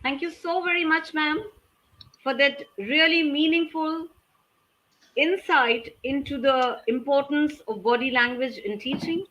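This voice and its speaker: A woman's voice: sits high, fairly even intonation, a little slow, fairly bright tone, poor audio. A woman from India hosting a live online session, thanking her guest graciously. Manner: gracious, appreciative. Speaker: session host.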